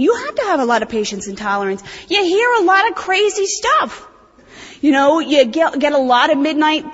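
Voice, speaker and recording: A woman, giving a blunt, animated, profane recovery talk at a convention. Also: high-pitched, breathy edge. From New Jersey. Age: 30s. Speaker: AA convention speaker. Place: convention hall. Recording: dull recording in reverberant hall.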